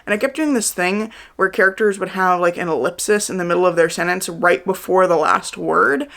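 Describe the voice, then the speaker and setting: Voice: mid-range voice, fairly quick, vocal fry, a bit bright. A book vlogger around thirty giving a chatty, candid reading wrap-up, with lots of "like" fillers. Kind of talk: casual monthly reading wrap-up.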